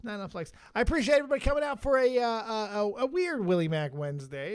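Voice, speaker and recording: A man's voice: high-pitched, lively intonation, fast, hardly any pauses, clean tone, dry recording, studio quality. A man hosting a livestream with casual, rowdy and profane banter. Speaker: livestream host.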